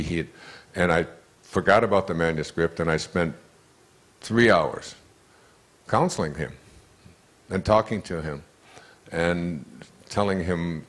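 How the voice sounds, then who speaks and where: An older man giving an inspirational lecture, telling a rambling story with restarts and asides. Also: sits low. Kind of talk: inspirational lecture to a live audience.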